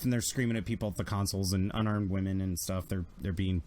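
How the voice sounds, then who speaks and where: A man running a tabletop game as game master, telling the story in a casual, animated way with fillers. His voice sits fairly low. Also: quick pace, few pauses.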